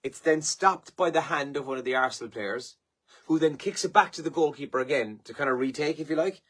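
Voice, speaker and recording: A man's voice: on the high side, brisk, a bit bright, slightly rough. An Irish man hosting a live morning show, chatting casually through the papers and sport with lots of fillers, tired and yawning. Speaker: radio host. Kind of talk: casual newspaper review and chat.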